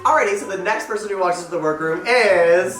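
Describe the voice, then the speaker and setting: A man co-hosting a podcast, reviewing a TV episode in casual, enthusiastic chat with quick asides. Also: high voice, roomy sound, music in the background, rough recording. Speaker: podcast co-host.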